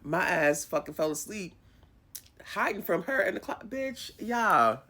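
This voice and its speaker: Animated, profane woman telling a story. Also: lowish voice, a little slow. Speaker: vlogger. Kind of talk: storytime vlog.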